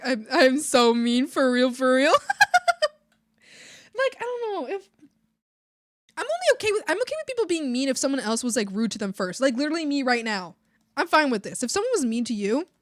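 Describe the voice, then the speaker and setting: A young woman streamer venting to her chat in a casual, profane, animated rant, mocking other people's voices as she goes. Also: high voice, no room sound, studio quality. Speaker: art streamer. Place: home streaming setup.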